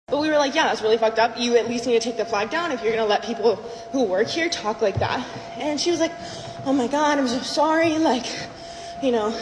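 A woman's voice: on the high side, lively intonation, normal speed. A woman telling a casual storytime in an indignant, disbelieving way. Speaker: storyteller in a played clip. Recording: echoey room with faint background noise.

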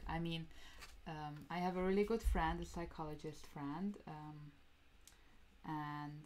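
A woman's voice: fairly low pitch, slight background noise. A woman hosting a coloring livestream, chatting casually and laughing with her viewers. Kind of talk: casual chat to stream viewers.

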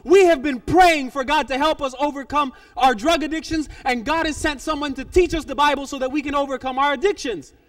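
A man's voice: extremely high pitch, brisk, few pauses, no echo, clean studio sound. A man voicing a long-haired biker who speaks bluntly and gives orders, heard from a distance. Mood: earnest. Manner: blunt, commanding. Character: gruff long-haired male biker, grown.

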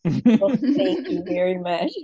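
A woman's voice: fairly low pitch, expressive, slow, lo-fi sound, a crowd in the background. A woman, an actress in the film, introducing herself with dry humor on a video call. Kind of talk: casual video call chat.

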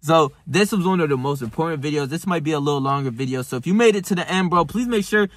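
A man's voice: fairly high pitch, animated, a little fast, no room sound. A young man ranting to camera in a casual motivational vlog, emphatic and profane, calling the listener bro. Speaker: self-improvement vlogger.

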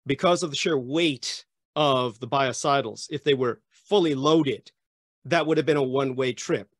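A man's voice: mid-range voice, moderate pace, no echo. A man speaking as a guest historian, blunt and emphatic, sounding drunk. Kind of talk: conversational commentary.

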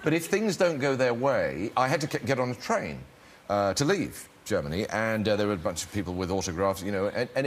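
A man's voice: lowish voice, big pitch swings, brisk, hardly any pauses, husky. A man with an English accent, an actor and talk show guest, telling a wry, self-deprecating anecdote with many restarts. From England. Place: TV studio with live audience. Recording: loud studio audience laughter and noise.

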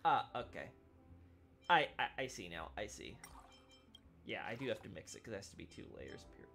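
A man's voice: lowish voice, big pitch swings, moderate pace, vocal fry, sharp tone, soft background music. A man streaming a game, chatting casually with his viewers while he plays. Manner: chatty, talks to chat while playing. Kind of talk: casual let's-play commentary.

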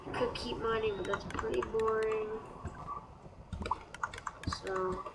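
A woman does casual let's-play commentary in a fairly high, steady voice with vocal fry, speaking slowly in a very noisy recording full of loud keyboard clatter. She chats along and bursts into frustrated shrieks.

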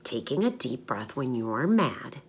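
A woman teaching young children through short stories, asking them questions and pausing for their answers. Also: a bass voice, very animated, slightly rough. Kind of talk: storytelling lesson for young children.

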